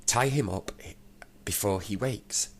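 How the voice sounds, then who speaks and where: A man's voice: on the low side, unhurried, a little hiss or hum, voice pushed up. A man voicing a big, stern father bear in a storybook, with a growly voice.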